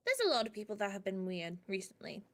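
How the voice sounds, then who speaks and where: A woman streamer speaking in character during a roleplay, chatty and sometimes dropping to hushed asides while sharing gossip. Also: mid-range voice, big pitch swings, fast talker.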